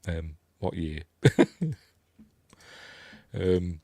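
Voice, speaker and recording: A man's voice: low voice, big pitch swings, extremely slow, gravelly, dark tone, no echo, studio quality. An older man from Yorkshire with a Yorkshire accent, chatting casually about films on his channel, rambling with lots of ums and self-deprecating asides. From Yorkshire, England. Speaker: channel host. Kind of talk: casual live-stream movie chat.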